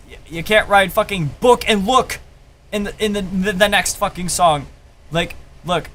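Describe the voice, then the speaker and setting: Young man, rapper, casual rant, high voice, animated swings, profane, restarts a lot. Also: a little hiss or hum. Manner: heated, profane, emphatic with frequent restarts. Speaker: rapper breaking down his album. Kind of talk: casual ranting commentary.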